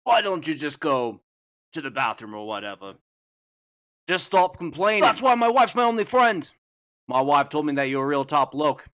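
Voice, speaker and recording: Here the same rowdy rock-hunting bushman from the fan dub comes through a man's fairly bright, high-leaning voice, very animated and at a moderate pace. He keeps up the fake Australian accent and a loud, joking, blustery style.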